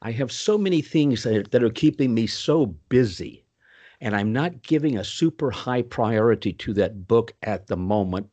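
An older man spinning long stories as a podcast guest. His pitch swings widely, jumping high and dropping low for emphasis. The voice sits in an ordinary middle register. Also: moderate pace. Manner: animated storyteller with sudden swoops in pitch; puts on Southern voices for quoted people. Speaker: interview guest. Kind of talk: storytelling in a podcast interview.

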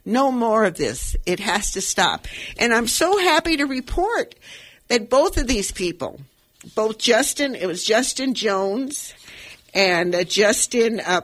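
A woman's voice: fairly high pitch, big pitch swings, slow, fairly bright tone. An older woman hosting a radio talk show, speaking with earnest, emotional conviction and rambling, restarting sentences. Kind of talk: impassioned commentary.

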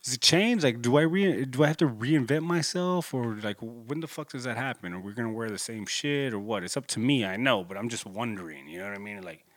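In a brisk solo monologue with hardly any pauses, a 30-something vlogger from Corpus Christi, Texas rambles in a laid-back, profane way, heavy on fillers. He has a mid-range voice, and the recording is dry.

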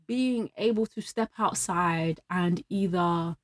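A woman's voice: fairly low pitch, slow pace. Chatty woman telling stories. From London. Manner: chatty, storytelling, laughs often. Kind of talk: casual chat.

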